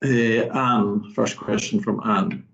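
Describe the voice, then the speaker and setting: Slow gravelly man chairing a meeting. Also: on the low side, fairly even intonation, a bit bright, muffled recording. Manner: slow, hesitant, many fillers.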